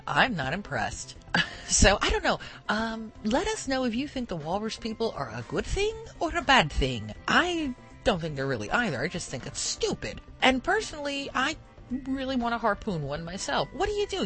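A woman's voice: medium pitch, fairly bright tone. A woman hosting a casual podcast, rambling and digressing as she talks and laughing often. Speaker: podcast host.

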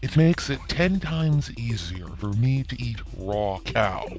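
A man voicing a grumpy, sardonic rogue character in a comedy podcast sketch, gruff and sarcastic. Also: medium pitch, lively intonation, slow, over music.

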